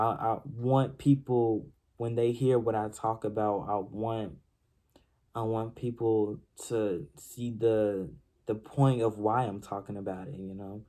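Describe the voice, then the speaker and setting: A young man speaks earnestly about his own life, circling back to the same phrases and stumbling over his restarts. His voice sits low and dark, with a flat, even delivery. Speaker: series host telling his life story. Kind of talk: personal confessional monologue.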